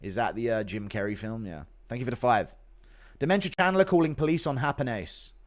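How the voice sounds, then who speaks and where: Reading donations on his casual livestream, this male host is animated, laughs a lot, and swears without holding back. He speaks briskly at medium pitch.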